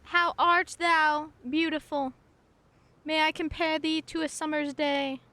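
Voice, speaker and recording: A woman's voice: high voice, flat delivery, slow, sharp tone, no room sound, exaggerated voice. A woman voicing a dramatic cheese-loving pet dog. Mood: adoring. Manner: grandly theatrical, mock-poetic.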